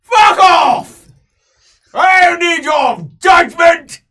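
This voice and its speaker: Goldrick, a man shouting as a drunk dwarf slayer. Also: extremely high pitch, very animated, extremely slow, vocal fry, pitched above the performer's own voice, exaggerated voice. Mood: bellowing. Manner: bellowing, slurred boasts.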